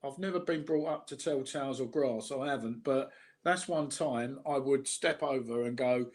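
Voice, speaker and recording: A man from South London with a Cockney accent, chatting casually, halting and repeating himself, blunt and sweary. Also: mid-range voice. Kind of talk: casual chat.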